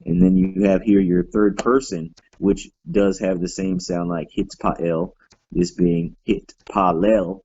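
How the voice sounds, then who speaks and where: Deep gravelly man teaching a class. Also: animated, measured pace, few pauses, warm tone, no echo, lo-fi sound. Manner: explanatory, frequent fillers and self-corrections. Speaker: Hebrew teacher. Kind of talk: classroom grammar lesson.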